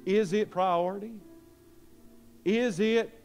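A man's voice: sits high, fairly even intonation, slow, darkish tone, soft background music. Earnest pleading male preacher. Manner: earnest, pleading, repeats phrases. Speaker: pastor. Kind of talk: sermon invitation. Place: church sanctuary.

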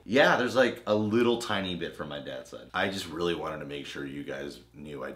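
Trading crude jokes and teasing banter, this young co-host of a trailer reaction channel keeps the chat casual. He has a very deep voice with a fairly bright tone and sounds animated and brisk.

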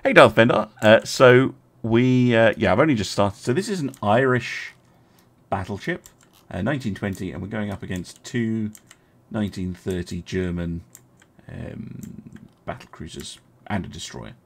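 Fields: Sex: man. Role: game streamer. Style: casual live-stream commentary. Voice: low, gravelly, very lively pitch. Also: normal speed. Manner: chatty, thinking aloud, talking to chat with many fillers.

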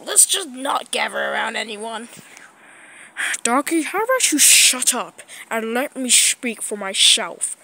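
A woman improvising a squabbling plush-toy show, switching quickly between arguing characters. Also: fairly high pitch, bright, forceful tone. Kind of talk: improvised toy play-acting.

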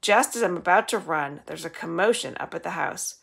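A woman librarian reading a children's novel aloud in a steady storytelling manner. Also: on the low side, fairly quick, vocal fry, slightly rough.

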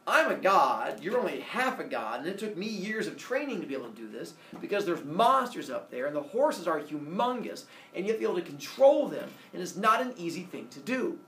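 A man's voice: high voice, sing-song, a little fast, hardly any pauses, sharp tone, slight background noise, exaggerated voice. A man voicing an absent father who is a sun god, talking in a casual, apologetic way. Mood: warning. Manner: casual, apologetic dad talk. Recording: roomy room, distant mic.

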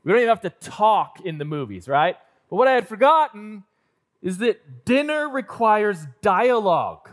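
A high-voiced young man preaching to his church, spinning a self-deprecating story with lively, acted-out moments. He plays up his own nerves for laughs. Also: normal speed. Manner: self-deprecating, animated storyteller acting out scenes. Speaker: pastor. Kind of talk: sermon storytelling. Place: church auditorium.

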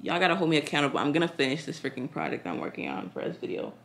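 A young woman, a fashion designer, chatting casually to camera in a vlog, excitable and full of "y'all" and "like", with a slight lisp. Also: low voice, racing, gravelly.

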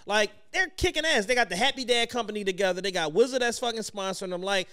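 A man's voice: high voice, quick pace, bright, forceful tone, clean tone. A man co-hosting a podcast, chatting casually in a blunt, profane, emphatic way. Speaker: podcast co-host.

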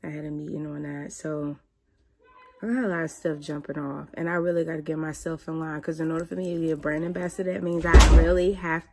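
A woman, chatting casually to camera as a mother and vlogger, animated and prone to high squeals of excitement. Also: fast, slight background noise.

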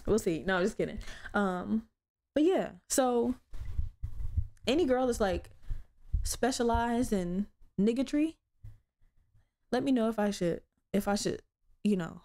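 A young woman hosting her own podcast, telling stories in a blunt, profane, animated way. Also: medium pitch. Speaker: podcast host. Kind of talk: casual solo podcast chat.

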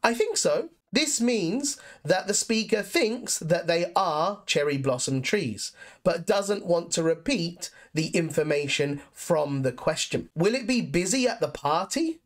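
Female English teacher, unhurried and deliberate, lively rising intonation, lowish voice. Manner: clear, deliberate explanations with example sentences. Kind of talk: scripted lesson narration.

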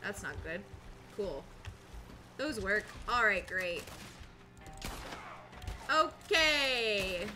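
A woman's voice: medium pitch, very animated, very slow, long pauses, over music. A woman streaming a game with casual commentary, swearing freely, laughing and narrating her own moves as she goes. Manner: laughs often and panics loudly. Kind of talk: casual live gameplay commentary.

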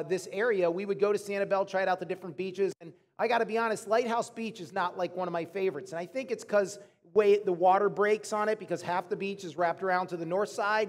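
High-voiced pastor preaching in a reverberant hall. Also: male voice. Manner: animated, chatty storytelling to the congregation. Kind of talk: sermon. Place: church auditorium.

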